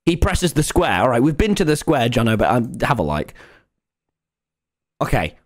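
A man streaming a game live, talking to viewers and ranting excitedly at the screen. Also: mid-range voice, moderate pace. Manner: excitable, exasperated, swears and rants at the screen. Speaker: gaming streamer.

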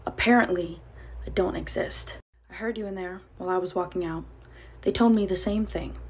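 A woman voicing a grim, low-voiced stranger. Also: moderate pace, slightly rough. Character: weary young man who no longer exists.

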